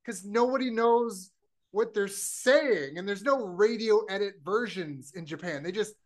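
A man from Canada hosting a podcast, telling stories in a lively way and acting out the voices of people he quotes. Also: sits high, measured pace. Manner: animated storyteller, acts out quoted voices. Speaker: podcast host. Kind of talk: casual chat.

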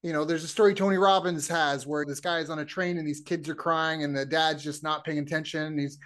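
Canadian male podcast host, high voice, animated storyteller who acts out quotes. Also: brisk. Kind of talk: casual chat.

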